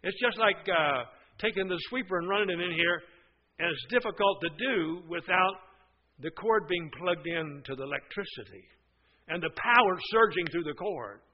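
Male preacher, high voice, earnest sermon with emphatic swells, dull lo-fi broadcast sound. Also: lively intonation, moderate pace.

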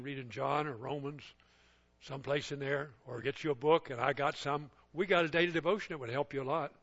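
Man preaching, animated, bright forceful voice, muffled lo-fi recording. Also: medium pitch. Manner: animated preacher acting out little scenes with voices. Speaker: pastor. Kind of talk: sermon.

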